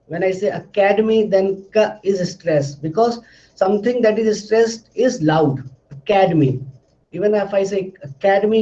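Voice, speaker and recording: High-voiced lecturer with fillers. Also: male voice. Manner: steady explanatory delivery with frequent "uh" fillers and repeated phrases. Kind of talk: recorded lecture recap. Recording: dull lo-fi lecture recording.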